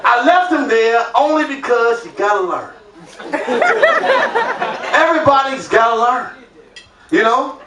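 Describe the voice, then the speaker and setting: A man performing a stand-up comedy set, telling a story loudly and acting out the voices of its characters. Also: extremely high pitch, lively intonation, a little slow, long pauses, background noise. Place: comedy club stage. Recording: roomy club sound from a distant mic with crowd laughter.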